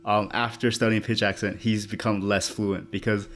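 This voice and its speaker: Low-voiced casual podcast host. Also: male voice, level tone, moderate pace, a bit bright. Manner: casual, filler-heavy questioning.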